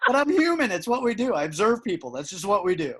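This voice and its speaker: Man, podcast host, casual chat, rambling with restarts, fairly high voice. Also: big pitch swings, fast, a crowd in the background. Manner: rambling, emphatic, with many restarts and fillers. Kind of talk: casual conversation.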